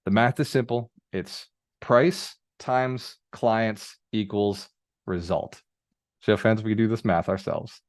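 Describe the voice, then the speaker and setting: Speaking slowly in a fairly low voice, a business mentor runs a live coaching call, casually telling stories, swearing at times and nudging the audience with repeated phrases. He's an animated, conversational storyteller. His video call microphone still yields clean studio sound with no room tone.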